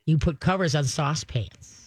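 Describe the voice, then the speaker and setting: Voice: mid-range voice, moderate pace, no room sound. Chatty older radio call-in host. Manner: chatty, jokey, checks in with "okay?". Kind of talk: casual call-in advice. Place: radio studio.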